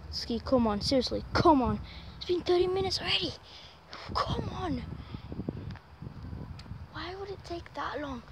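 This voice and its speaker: A woman's voice: very high voice, expressive, a little slow, long pauses. Exasperated young woman coaxing her dog outdoors. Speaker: vlogger. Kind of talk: casual vlog while walking a dog. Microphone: handheld camera. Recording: loud outdoor noise on camera mic.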